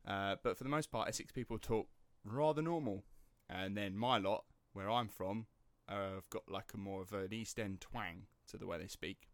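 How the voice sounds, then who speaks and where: Podcast host, English man, Estuary accent, lively storyteller who swears casually, lowish voice. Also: moderate pace, hardly any pauses, no echo. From England. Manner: animated storyteller, swears freely. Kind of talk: casual chat.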